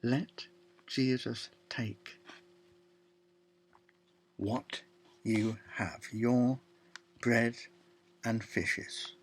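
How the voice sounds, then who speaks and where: Husky guy preaching real slow, long pauses, goes almost whispery sometimes. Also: medium pitch, steady tone. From Ireland. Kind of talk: sermon.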